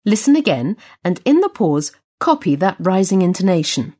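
A woman with a slightly husky voice leads a language lesson, patient and instructive. Her intonation rises and falls in a lively way. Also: lowish voice, normal speed. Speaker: course presenter. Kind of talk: scripted language-lesson narration.

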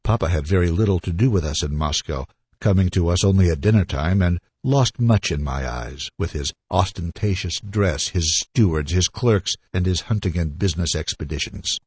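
Deep, husky man reading a novel aloud. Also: dry recording. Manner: lively, expressive storytelling, slowing for reflective passages. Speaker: audiobook reader. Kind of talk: scripted narration of a classic novel.

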